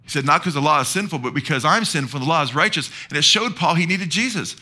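Bright-voiced preacher in a sermon. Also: male voice, on the high side, lively intonation, fast talker. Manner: preaching with call-and-response questions to the congregation. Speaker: pastor.

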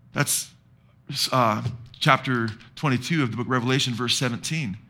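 A man's voice: medium pitch, moderate pace, pushed and bright. A man preaching a sermon as pastor, asking the congregation to answer back. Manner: preaching with call-and-response questions to the congregation.

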